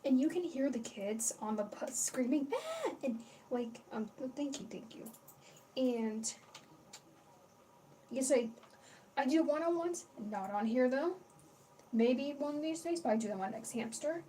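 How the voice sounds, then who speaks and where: A young woman with a high but dark-toned voice hosts a casual livestream, speaking unhurriedly and pausing often. She rambles and chats, swearing freely and greeting viewers, recorded on a distant mic with faint background noise.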